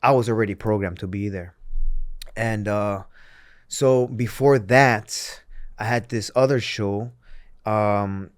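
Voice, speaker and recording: A man's voice: on the low side, slow, dry recording, clean studio sound. A man, a former pro wrestler, speaking as an interview guest and retelling his story in an earnest, candid way, often restarting his sentences.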